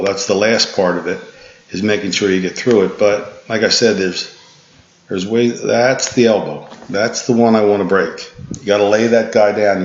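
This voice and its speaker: A tired man with a low voice coaches a golf student through a swing analysis, patient and instructive and often restarting his sentences. The recording is echoey and dull, with a lo-fi edge. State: tired, yawning. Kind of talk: swing analysis voice-over lesson.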